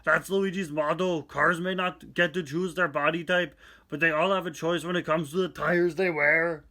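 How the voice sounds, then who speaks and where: Man impersonating a gruff action-star narrator, heavy put-on accent, comic book read-aloud, bright and forceful. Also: fairly high pitch, steady tone, normal speed. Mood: deadpan.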